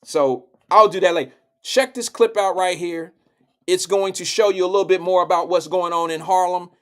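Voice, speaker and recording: Blunt, profane man with a high voice. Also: normal speed, a bit bright. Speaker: live show host. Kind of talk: political commentary.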